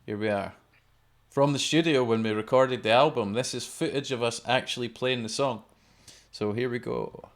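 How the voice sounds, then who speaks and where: A man's voice: mid-range voice, moderate pace. A Scottish man in a folk band, introducing a song in easygoing live-stream chat.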